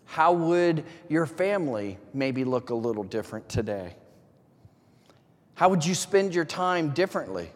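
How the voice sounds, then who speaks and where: A man's voice: on the high side, big pitch swings, a little slow. A man preaching a sermon as a pastor, talking in a conversational way, asking many questions with light chuckles. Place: church sanctuary. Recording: long reverb of a large hall.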